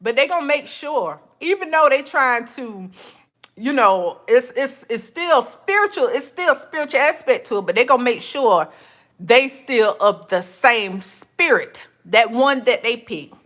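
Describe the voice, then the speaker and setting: Speaking at a fairly high pitch, this podcast host gives a relaxed, faith-centered monologue, full of energy and quick laughter, addressing listeners as honey and child.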